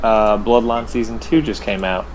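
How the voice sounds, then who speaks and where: A man's voice: on the low side, steady tone, normal speed, highs cut off, slight background noise. A man co-hosting a podcast in casual chat, laid-back, with dry one-liners. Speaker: podcast co-host.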